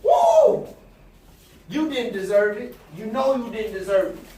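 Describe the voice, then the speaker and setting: A man's voice: high voice, normal speed, darkish tone. A man preaching to a Bible study group, exclamatory and call-and-response. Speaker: pastor leading Bible study. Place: church room with group. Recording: roomy echo, distant mic, background noise.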